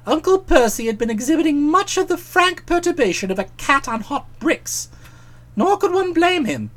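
An audiobook narrator reading a comic novel in a wry, expressive way. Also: high voice, moderate pace.

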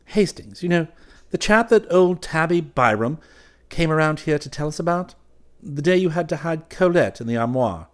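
A man reading an audiobook, voicing an excitable, chatty young male artist in a raised, eager tone. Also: a little high, moderate pace, pitched above the performer's own voice, natural voice.

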